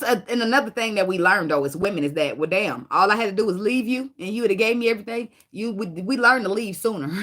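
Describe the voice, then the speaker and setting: A woman's voice: medium pitch, fairly bright tone. A woman giving a casual tarot reading, blunt and profane, laughing often and sliding into dramatic sarcasm. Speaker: tarot reader.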